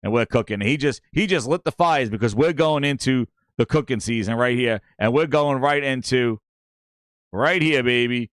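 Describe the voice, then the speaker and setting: A man's voice: medium pitch, normal speed, no echo, clean studio sound. A middle-aged man with a New York accent hosting a casual gaming livestream, hyping and thanking viewers and telling rambling stories. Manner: excitable, hypes and thanks viewers, rambling storytelling. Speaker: gaming show host.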